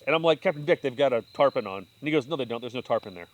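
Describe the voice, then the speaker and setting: Animated young man telling stories. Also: medium pitch, very fast, highs cut off. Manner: animated, acts out voices in anecdotes. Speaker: podcast host. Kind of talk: casual storytelling.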